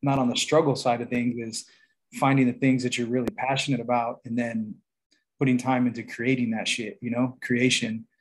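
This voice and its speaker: A man's voice: mid-range voice, little pitch movement, moderate pace, slightly rough. A man co-hosting a casual podcast, talking in a laid-back, rambling way and swearing freely. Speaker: podcast co-host.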